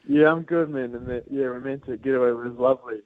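New zealand man, young adult, relaxed casual chat, phone-line sound, dry. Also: medium pitch, fast talker, dry recording. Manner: relaxed, laughs along with banter. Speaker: guest on the phone.

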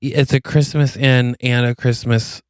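A man's voice: mid-range voice, level tone, unhurried, smooth, dry recording, clean studio sound. A man co-hosting a podcast, animatedly telling a made-up movie plot and acting out the characters' lines. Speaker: podcast co-host. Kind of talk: casual chat, pitching a made-up holiday movie plot.

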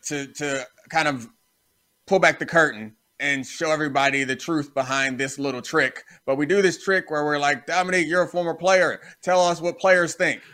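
Bright-voiced laid-back sports podcast man. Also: fairly high pitch. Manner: laid-back, self-deprecating, repeats words. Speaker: podcast co-host, former basketball player. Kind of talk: casual sports chat.

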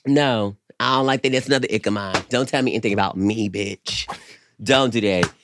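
Against a noisy background, a man with a lowish voice talks fairly quickly as he co-hosts a casual podcast with a friend. He's animated, swears often, and calls people "girl."

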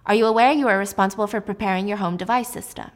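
A woman voicing a clinical doctor who reads out an applicant file in brisk, formal questions. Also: mid-range voice, natural voice.

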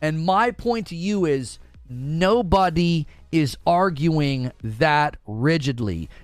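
A man's voice: a little high, dry recording. A man giving heated, opinionated commentary in a casual way, repeating himself for emphasis. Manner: emphatic, heated, repeats words, mocking quoted voices. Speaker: gaming commentator.

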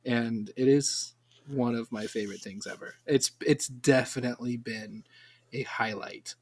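A man's voice: medium pitch, steady tone, unhurried. A man co-hosting a podcast who chats in a rambling, enthusiastic way. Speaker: podcast co-host. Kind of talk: casual chat.

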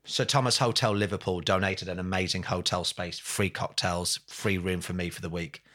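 With a low, steady, sharp-toned voice at normal speed, this interviewed podcast guest tells his story passionately and works up to angry emphasis. He swears without softening it, strings things into lists and repeated phrases, and calls the host mate often.

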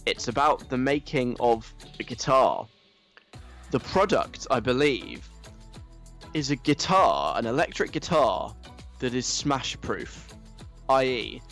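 A man giving a sarcastic, conversational commentary in a dry, mocking manner. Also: mid-range voice. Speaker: commentary host.

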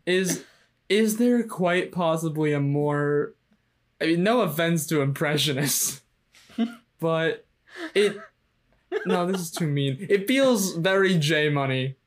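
A man's voice: a little high, expressive, slow pace, long pauses. Rambling man co-hosting a podcast. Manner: rambling, hesitant, laughs mid-sentence. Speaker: podcast co-host. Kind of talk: casual chat recapping a show.

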